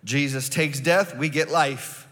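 A middle-aged male pastor preaching a sermon, telling stories and building to loud, emphatic preaching. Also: fairly high pitch, steady tone, takes it slowly, long reverb tail.

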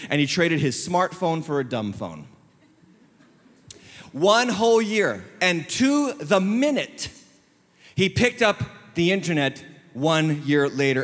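A man preaching a sermon as lead pastor, leading the congregation in call-and-response and shifting his pace for emphasis. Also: a little high. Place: church sanctuary. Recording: long church hall reverb.

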